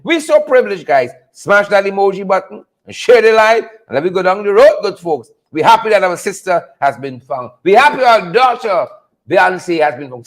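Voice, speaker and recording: A man hosting a live political commentary show, calling out viewers by name and repeating catchphrases. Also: high-pitched. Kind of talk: casual live-stream commentary.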